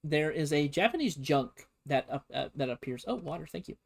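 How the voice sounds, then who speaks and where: A man's voice: on the high side, expressive, normal speed, vocal fry. A man casually teaching history on a stream, rambling and joking with lots of fillers. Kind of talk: casual comedic history lesson.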